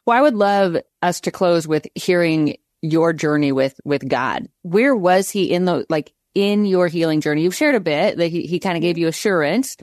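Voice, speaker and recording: A woman hosting a faith podcast, affirming her guest and asking gentle follow-up questions. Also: fairly low pitch, moderate pace, few pauses, no echo, clean studio sound. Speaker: podcast host.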